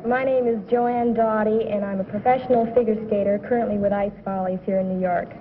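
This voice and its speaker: A woman's voice: mid-range voice, steady tone, fairly quick, heavy background noise. A woman contestant on a 1950s TV game show, giving tentative short answers. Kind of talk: answering quiz questions. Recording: tinny 1950s TV broadcast.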